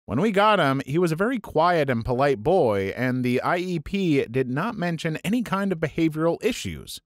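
Man, storytelling narration, fairly high voice, very lively pitch, dry close sound. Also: no room sound. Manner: reads first-person anecdotes in a storytelling tone. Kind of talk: scripted narration of reader stories.

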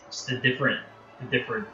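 A man's voice: medium pitch, pushed and bright, distant mic, dull audio. A man with a Northern American accent, chatting casually and rambling while live-streaming a game, self-deprecating and easily sidetracked. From United States. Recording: roomy, off-mic, music behind.

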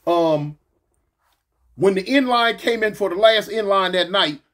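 A man's voice: high voice, unhurried, fairly bright tone. A middle-aged man with a lisp, telling a story from his past in casual, slangy speech with many fillers and restarts.

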